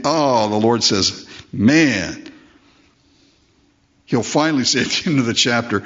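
Slightly slow and taking long pauses, a man with a medium-pitched voice preaches as a pastor in a conversational style. He asks rhetorical questions and acts out quoted voices, captured in a dull lo-fi sermon recording.

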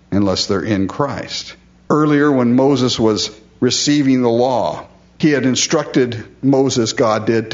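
Guy preaching a sermon, middle voice, gets emphatic, kinda muffled recording. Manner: emphatic, rises in pitch on key words; addresses listeners directly as "folks". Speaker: pastor.

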